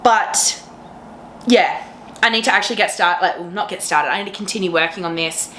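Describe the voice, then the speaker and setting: Woman, podcast host, bright enthusiastic chatter, echoey room, some faint noise behind. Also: lowish voice, a little fast. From Australia. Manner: gushing, enthusiastic, laughs often. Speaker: teacher. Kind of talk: casual chat to camera.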